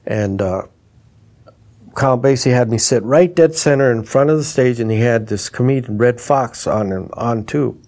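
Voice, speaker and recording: A man's voice: mid-range voice, a little slow. An older man, a retired trumpeter and instrument designer, telling stories and acting out the voices in them. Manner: animated, mimics voices in quoted dialogue. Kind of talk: anecdotal storytelling.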